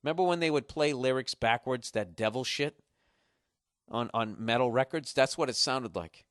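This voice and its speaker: Male comedian, podcast rant, profane and animated, average pitch, dry studio sound. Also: moderate pace, no echo. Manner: profane, animated, building to loud outbursts.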